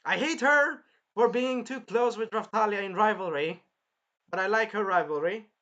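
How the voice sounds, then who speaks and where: Animated man chatting about an anime. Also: sits high, moderate pace, muffled recording. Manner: animated, swearing, retells scenes in put-on voices. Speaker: anime reviewer. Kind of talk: casual chat.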